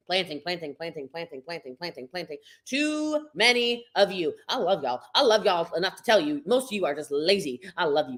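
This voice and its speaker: A woman's voice: fairly high pitch, a bit bright. A woman gives live motivational business coaching. She talks straight to her viewers, blunt and emphatic, repeating words to drive each point home.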